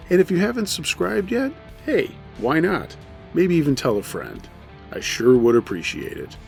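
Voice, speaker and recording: A man narrating a true horror story as the host of a storytelling show, measured with dry humor. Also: mid-range voice, vocal fry.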